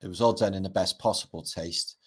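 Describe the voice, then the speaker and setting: A man's voice: deep voice, a little fast, breathy edge. A middle-aged man, rambling and swearing through a casual livestream chat as its host. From Britain.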